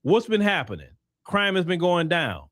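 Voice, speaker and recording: A man's voice: sits high, big pitch swings, normal speed, a bit bright, dry recording, studio quality. A man with a Texan accent hosting a commentary monologue, emphatic and preachy, mocking the voices he quotes. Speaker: host.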